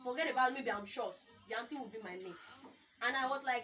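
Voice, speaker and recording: A young Nigerian woman speaks in a high voice with a Nigerian accent, telling a story in a casual chat and acting out the people in it. She sits away from the mic, and music plays clearly behind her. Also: a little fast, pushed and bright, far from the mic. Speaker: co-host.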